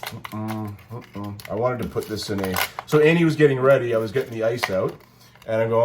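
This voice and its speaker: A man's voice: fairly low pitch, fairly quick, a little mellow, a little hiss or hum. A man chatting casually while he demonstrates a cocktail at home, joking and correcting himself as he goes. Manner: rambling, joking, self-correcting. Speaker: cocktail video co-host.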